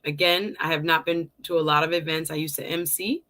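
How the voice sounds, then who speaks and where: Bright, chatty woman hosting a livestream. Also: deep voice, flat delivery, brisk. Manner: chatty, laughs often, greets viewers by name. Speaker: livestream host. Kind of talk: casual livestream chat.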